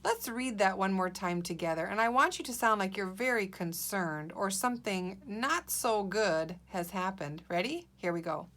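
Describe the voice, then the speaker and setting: A woman's voice: medium pitch, lively intonation, moderate pace, hardly any pauses, a bit bright. A woman teacher leading a guided reading lesson for young children, patient and encouraging, sounding out letters and words.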